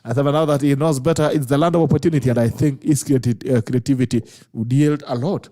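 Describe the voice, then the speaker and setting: A man's voice: mid-range voice, fairly even intonation, quick pace, warm tone. A Kenyan man hosting a casual talk show, switching between English and Swahili and laughing often. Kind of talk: casual chat, reading viewer comments.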